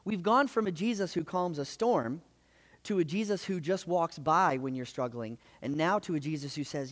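A man preaching a sermon, retelling gospel stories in a lively, conversational way with frequent asides. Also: on the high side, moderate pace. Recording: long hall reverb.

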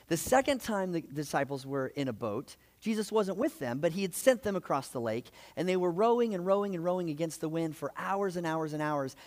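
A man with a slightly higher voice delivers a sermon in a big hall, and his words trail off into a long reverb. He tells the stories casually and lively, full of asides and self-corrections, as a preacher talking to his congregation. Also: moderate pace. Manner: lively storyteller, conversational with frequent asides. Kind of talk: sermon retelling gospel stories.

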